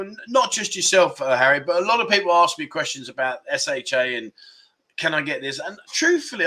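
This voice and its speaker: A man in his fifties with a bright, forceful voice pitched a little high, hosting a relaxed livestream. He talks candidly and chuckles often as he reads out comments from viewers. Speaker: livestream host. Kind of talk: casual live chat reading viewer comments.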